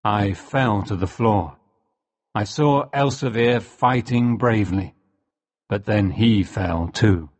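Slow, low-voiced male story narrator. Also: darkish tone. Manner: slow and clear, for language learners. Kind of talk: graded-reader story narration.

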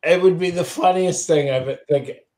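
A man's voice: on the high side, a little slow. A comedian on a podcast gushes and laughs through his stories. His voice sits a little above the usual male range. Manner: effusive, laughing, animated storyteller. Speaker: guest comedian. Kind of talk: casual comedy podcast chat.

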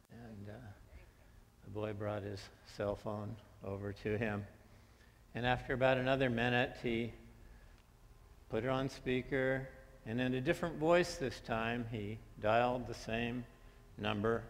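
A male pastor delivers a relaxed, conversational sermon, pausing on fillers as he tells a story. His mid-pitched voice rolls through a large sanctuary with a long reverb tail. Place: church sanctuary. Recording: long church-hall reverb.

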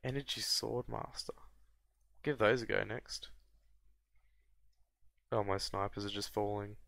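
Excitable gravelly gaming commentator man. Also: unhurried, no echo. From Australia. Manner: excitable, bursts into high yelps and laughs. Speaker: gameplay commentator. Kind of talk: casual let's-play commentary.

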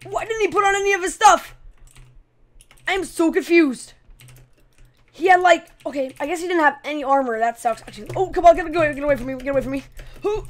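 High-voiced excitable woman gamer. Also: quick pace, pauses often. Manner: excitable, chatty, playful trash talk. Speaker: gaming channel host. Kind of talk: gameplay commentary.

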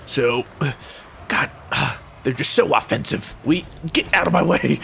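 A young man commentating his own gameplay, excitable and self-mocking, yelping and laughing at the plays. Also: mid-range voice, unhurried, gravelly, slight background noise. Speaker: gaming YouTuber.

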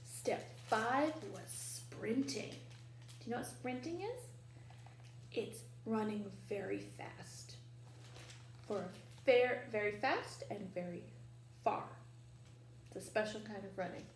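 A woman librarian reading a children's storytime in a library, playful and animated, asking the children questions. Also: mid-range voice, slow, pauses often, a little hiss or hum. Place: library room. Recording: echoey room, faint ambience.

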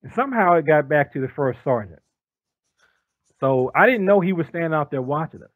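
A man in his forties, a guest on an interview show, telling stories in a lively way and acting out the voices of the people in them. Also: medium pitch, no echo, low-quality recording. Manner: lively storyteller who acts out quoted voices. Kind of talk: casual storytelling interview.

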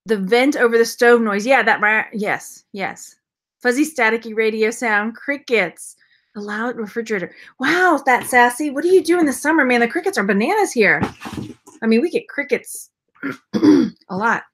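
A woman's voice: on the high side, animated, moderate pace. A woman chatting casually on a live stream, playful and rambling, throwing in silly sound effects. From Texas. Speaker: vlogger unboxing purses.

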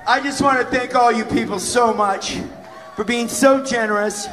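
A man's voice: very high-pitched, fairly even intonation, moderate pace, fairly bright tone. A man giving an effusive, emotional thank-you speech to supporters at a benefit, swearing casually. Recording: long hall reverb, faint crowd.

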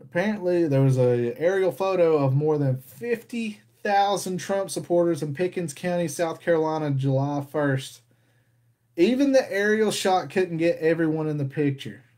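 A man's voice: a little high, animated, normal speed, darkish tone. A man hosting a casual rant, talking in an exasperated, conversational way. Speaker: podcast host.

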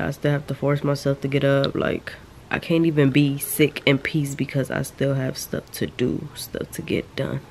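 A woman's voice: deep voice, a little hiss or hum. A young woman vlogging from home while sick with a sore throat, talking candidly and rambling to her viewers. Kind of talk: casual vlog update. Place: at home, lying down.

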